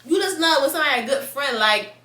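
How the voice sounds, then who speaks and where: A woman's voice: high-pitched, fast. Blunt, profane young woman in an echoey room. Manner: blunt, profane and animated, with frequent laughs. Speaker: vlogger. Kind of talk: casual chat to camera.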